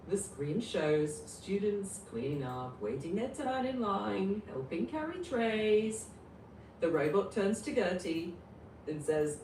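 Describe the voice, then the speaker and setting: A woman co-writing a story improvises and narrates a silly tale about school, speaking slowly and with animation in a mid-range voice. She sounds distant, recorded in a large, noisy room.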